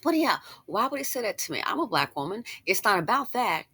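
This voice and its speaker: A woman's voice: medium pitch, big pitch swings, brisk, sharp tone, husky, no echo. A woman giving sassy, chatty commentary to her viewers, with frequent asides. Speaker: online commentator. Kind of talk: casual commentary.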